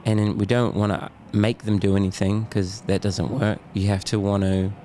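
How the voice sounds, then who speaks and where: A middle-aged Muay Thai champion with a New Zealand accent talks candidly and loosely as a podcast guest, using slang and laughing. His warm voice is on the low side with little pitch movement, at normal speed, over slight background noise.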